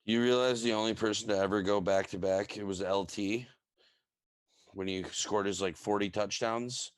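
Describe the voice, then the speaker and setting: A young man with a very low voice talks bluntly on a sports podcast, swearing freely and sounding sure of himself. The sound is dry and close, with no room around it. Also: fairly even intonation, moderate pace, clear, resonant tone, no room sound. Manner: brash, swears freely, confident. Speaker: podcast co-host. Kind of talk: casual sports chat.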